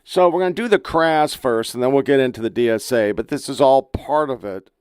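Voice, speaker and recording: A man's voice: medium pitch, brisk, a little mellow, clear, resonant tone, no echo. A man from the United States hosting a political podcast, ranting crudely and with exasperation while playing clips. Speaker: podcast host. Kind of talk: profane political commentary.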